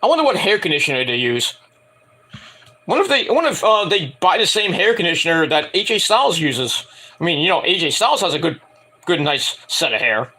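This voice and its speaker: A man's voice: on the high side, very animated, brisk, pushed and bright. A man in his forties reviewing a wrestling show in a casual solo vlog, rambling and joking with many digressions. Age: 40s.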